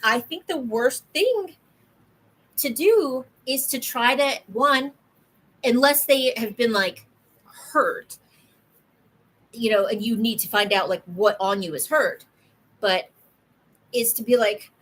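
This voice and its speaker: A woman in her thirties co-hosting a podcast in casual chat, an animated storyteller who acts out other people's voices. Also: a little high, slow, pauses often, breathy edge, poor audio. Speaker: podcast co-host.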